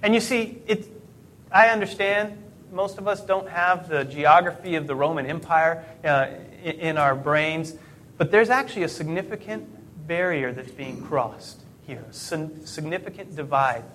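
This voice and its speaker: A middle-aged pastor delivers a sermon with a notably high voice for a man. He keeps it conversational, pausing on rhetorical questions and restarting phrases as he goes. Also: fairly bright tone, a little hiss or hum. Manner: conversational preaching, rhetorical questions, self-corrections.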